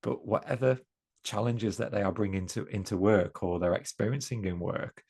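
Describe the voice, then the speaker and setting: A man's voice: fairly low pitch, moderate pace, gravelly, a little mellow, husky. A man, a podcast guest speaking earnestly and reflectively, often restarting his sentences in casual conversation. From East Midlands, England. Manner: earnest and reflective, with frequent restarts and self-corrections.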